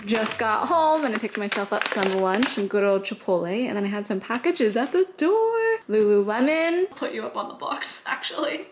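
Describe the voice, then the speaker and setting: A woman's voice: on the high side, very animated, normal speed, few pauses, soft background music. A woman in her thirties vlogging casually at home, chatty and open, her talk full of "like" fillers. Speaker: lifestyle vlogger. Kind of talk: casual vlog talk to camera. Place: at home, indoors.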